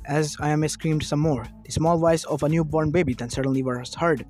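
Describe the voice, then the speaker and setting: A man narrates a fan-written story in a plain reading voice, stumbling and restarting now and then. His pitch is a little high, and faint lo-fi music runs beneath the reading. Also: fairly even intonation, normal speed, a little mellow. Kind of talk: reading fan fiction aloud.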